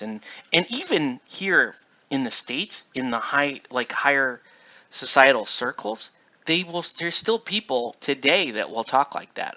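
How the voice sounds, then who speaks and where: A man's voice: medium pitch, sing-song, measured pace, pushed and bright. A tired man chatting casually and rambling, full of fillers and restarts, while he paints. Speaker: miniature painting channel host. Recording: dull lo-fi recording.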